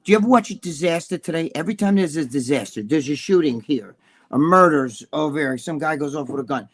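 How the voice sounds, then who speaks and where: A middle-aged man, ranting loudly and profanely as a podcast co-host. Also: a little high, expressive. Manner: loud, profane, fast-shifting rant.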